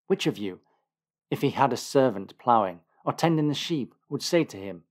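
Jesus, calm and emphatic teacher, read by a male narrator, plain storybook reading. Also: medium pitch, moderate pace, close to an everyday voice. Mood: earnest.

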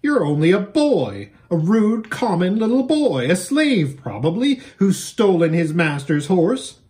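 A man voicing a proud, sharp-tongued noble girl who talks in a snappish, scornful way. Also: a little high, very animated, normal speed. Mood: haughty.

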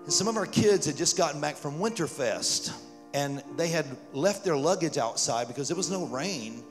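Pastor erzählt lebhaft in hallender Kirche. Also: male voice, on the high side, moderate pace. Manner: animated storytelling, rising to loud fervor. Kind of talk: sermon storytelling. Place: church sanctuary. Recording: church hall reverb with music.

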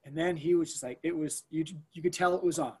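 Guy telling a story in an interview, bit of a high voice, lots of likes and ums, acts out the quotes. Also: fast talker, breathy edge. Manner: animated, lots of fillers and restarts, acts out quoted lines. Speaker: school staff member recounting an emergency.

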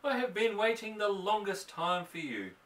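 Man reading as a mother doing a high, sing-song cat voice for laughs, storybook, distant mic. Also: very animated, moderate pace, a bit bright. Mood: playful. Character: Nell, a mother mimicking her chatty cat in a high voice.

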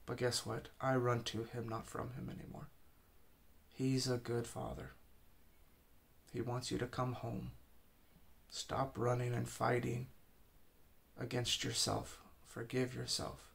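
A man's voice: mid-range voice, completely flat delivery, slow pace, gravelly, long pauses. A man preaching an informal sermon, urging listeners with earnest, repeated exhortations.

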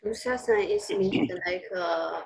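A woman's voice: lowish voice, slow pace, vocal fry, darkish tone, breathy edge. A woman student giving short, hesitant answers during a grammar lesson. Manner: hesitant, offers short guesses. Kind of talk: classroom answers.

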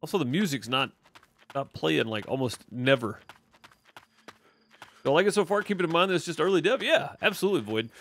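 A fairly high, slightly bright voice carries this Mississippi-accented streamer's animated, fairly quick commentary, which he breaks with frequent pauses. He chats casually with his viewers as he plays, rambling and full of fillers.

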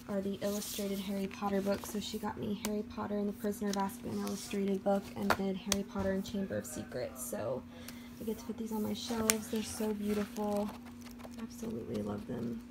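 A woman's voice: medium pitch, steady tone, moderate pace, creaky. A young woman chatting casually in a vlog, gushing about her gifts. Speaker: book vlogger. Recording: background noise.

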